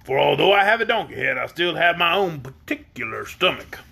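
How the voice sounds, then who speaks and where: A man doing a gentle, sheepish donkey-headed man. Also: fairly high pitch, big pitch swings, brisk, gravelly, husky, heavily acted.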